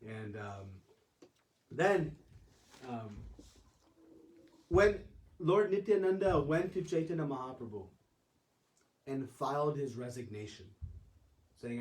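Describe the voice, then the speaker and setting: A male preacher telling a sermon story in an animated way, laughing often. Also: mid-range voice, a little slow, pauses often, a little hiss or hum. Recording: roomy distant mic.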